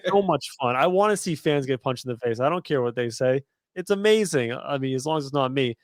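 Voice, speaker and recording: A man co-hosting a casual sports podcast, talking in a relaxed, rambling way with plenty of fillers. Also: mid-range voice, a little fast, no room sound, clean studio sound. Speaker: podcast co-host.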